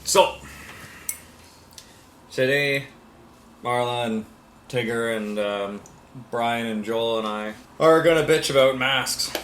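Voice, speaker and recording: A man's voice: mid-range voice, slow, long pauses, a bit bright. A Canadian man co-hosting a crude comedy podcast, talking in exaggerated hoser slang with lots of swearing and "bud.". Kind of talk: crude comedy sketch chat. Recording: echoey room with faint noise.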